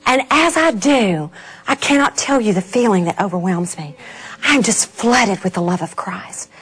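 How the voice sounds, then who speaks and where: A middle-aged woman telling a personal faith story to an audience, animated and laughing, acting out the scenes. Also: medium pitch, moderate pace, breathy edge. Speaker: speaker.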